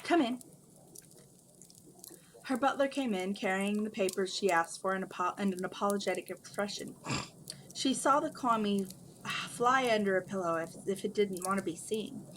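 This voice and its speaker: A woman's voice: medium pitch, normal speed, a bit bright, a little hiss or hum, rough recording. A woman reading her own story aloud in a casual way, correcting herself and adding asides. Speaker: fanfiction reader.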